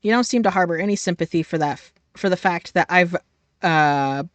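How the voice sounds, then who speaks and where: A woman's voice: on the low side, moderate pace, no room sound. A young adult woman streaming a game live, reading its text aloud in a profane, playful way.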